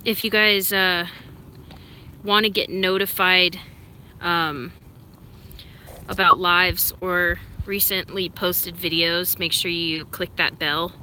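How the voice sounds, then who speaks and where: A woman chats on a live stream in an unhurried, bright, clear voice, laughing often and breaking off to give her excited dog short, firm commands. A faint hiss of background noise sits under her voice. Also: on the low side. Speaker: live-stream host training and feeding her service dog. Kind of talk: casual live-stream chat.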